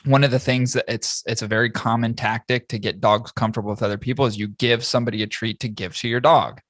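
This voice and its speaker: A man's voice: mid-range voice, quick pace, dry recording, studio quality. A man hosting a casual podcast chat, swearing freely and telling stories with lots of energy. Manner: profane, animated storytelling. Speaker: podcast host.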